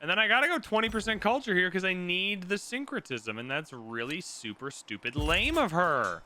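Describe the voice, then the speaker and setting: A man's voice: high-pitched, very animated, moderate pace, bright, forceful tone. A young man casually commentating a strategy game for his channel, playful and mock-outraged, joking with his viewers. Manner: playful, mock-outraged, jokey asides to the audience. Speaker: gaming YouTuber.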